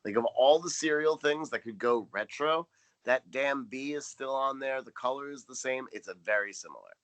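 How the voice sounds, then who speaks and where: Bright-voiced man trading dry jokes. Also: medium pitch, moderate pace. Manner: dry, joking asides. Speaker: podcast co-host. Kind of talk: casual chat.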